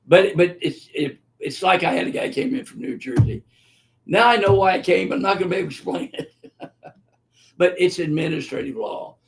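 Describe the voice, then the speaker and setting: Blunt, gravelly-voiced older man doctor. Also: sits high, fairly quick. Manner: blunt and profane, heated and emphatic. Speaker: physician answering viewer questions. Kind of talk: unscripted webinar Q&A.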